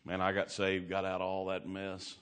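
Deep-voiced man preaching. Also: completely flat delivery, normal speed. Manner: folksy Southern-style preaching, laughing asides, swings from loud to hushed. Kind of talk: sermon with storytelling. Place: church.

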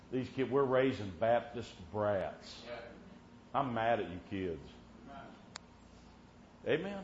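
A man preaching a sermon in a folksy storytelling way, dotting his talk with amen and swinging between loud and hushed. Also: mid-range voice. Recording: muffled lo-fi with faint hiss.

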